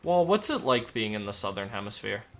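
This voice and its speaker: A man's voice: fairly low pitch, sing-song, fairly quick, a bit bright, soft background music. A young man streaming, chatting casually while he plays, joking and rambling as he reads chat aloud.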